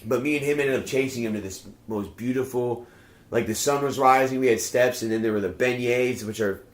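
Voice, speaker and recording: Fast-talking man telling a story in a roomy echo. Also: mid-range voice. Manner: rambling, swears a lot, acts out quoted lines. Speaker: podcast guest. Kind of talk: casual storytelling chat.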